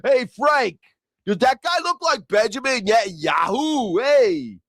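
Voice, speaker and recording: A man voicing a brash New York bystander with a New York accent, shouting across the street. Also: extremely high pitch, sing-song, measured pace, dry recording, clean studio sound, pitched above the performer's own voice, exaggerated voice. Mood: rowdy.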